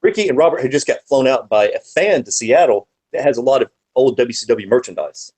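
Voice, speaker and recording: A man's voice: mid-range voice, a little fast, husky, low-quality recording. A man talking as a podcast guest, swearing freely while he tells long wrestling-world anecdotes. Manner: profane, animated, rambling anecdotes. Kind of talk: casual storytelling chat.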